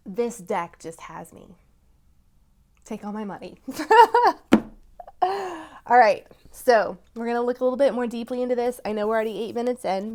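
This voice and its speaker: A tarot reader with a fairly high voice gives a reading to her viewers. She speaks encouragingly with soft emphasis, now and then breaking into excited exclamations.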